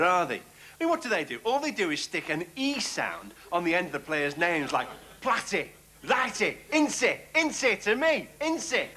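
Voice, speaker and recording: A man with a Liverpool accent doing a sardonic, ranting stand-up comedy monologue. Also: high-pitched. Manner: ranting, sardonic, shouting bursts. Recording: loud studio audience and noise.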